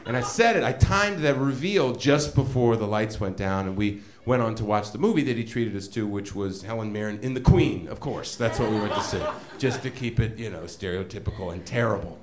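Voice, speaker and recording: A man telling a comedic story to a live audience, animated and self-mocking, laughing often as he goes. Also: on the low side, brisk, few pauses, crowd noise.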